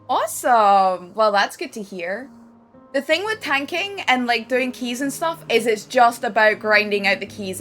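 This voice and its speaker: A woman's voice: mid-range voice, fairly bright tone. A Scottish woman streaming from home, chatting effusively with her viewers and swearing casually at times. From Scotland.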